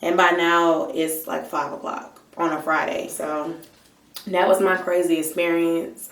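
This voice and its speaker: A woman vlogger telling a story in a casual, animated and exasperated way, swearing freely. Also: fairly low pitch, measured pace. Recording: roomy, mic at a distance.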